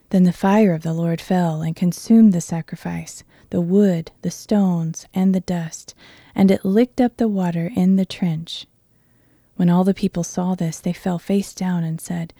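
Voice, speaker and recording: A woman reads scripture aloud in a measured, earnest way, her voice low and warmly dark. The sound is close and dry, with no room echo. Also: fairly even intonation. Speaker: Bible reader. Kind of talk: Bible reading.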